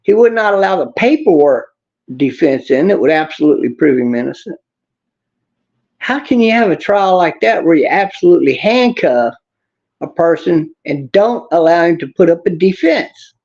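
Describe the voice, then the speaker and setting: A man's voice: fairly high pitch, animated, moderate pace, a little mellow, muffled recording. A man hosting a political livestream, talking bluntly and angrily, swearing and answering chat comments. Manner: blunt, angry, swears, talks back to chat. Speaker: livestream host reading chat. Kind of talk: casual political livestream rant.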